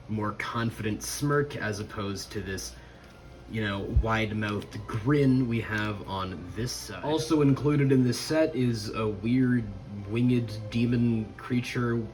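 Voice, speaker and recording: A man's voice: lowish voice, a little hiss or hum, poor audio. Tired man hosting a chatty review vlog. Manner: chatty and rambling. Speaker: host. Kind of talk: casual toy review vlog.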